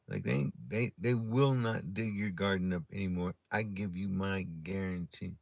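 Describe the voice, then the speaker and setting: A man's voice: deep voice, fairly even intonation, moderate pace, creaky, hardly any pauses, dry recording. A man on a livestream delivering a blunt, profane ranting monologue and telling stories. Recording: loud background noise.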